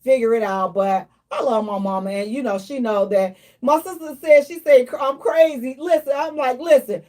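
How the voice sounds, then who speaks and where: A woman hosting a radio talk show in a lively, playful storytelling manner. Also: a little high, normal speed. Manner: animated, playful, slips into mock prayer and acted quotes.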